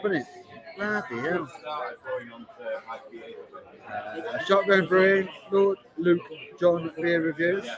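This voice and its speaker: A man's voice: high voice, low-quality recording. A man with a London accent, chatting casually on a live stream and reading viewers' comments aloud, often repeating himself. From Hertfordshire, England. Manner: chatty, repeats lines, reads chat aloud. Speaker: beer vlogger streaming live. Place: busy bar taproom. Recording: loud bar crowd behind voice. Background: crowd chatter in a bar.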